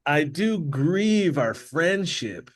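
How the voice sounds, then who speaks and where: A man's voice: a little high, sing-song, drawn-out words, pitched above the performer's own voice, full character voice. A man voicing a whiny, self-pitying male city consul who pleads in an exaggerated way. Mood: hurt.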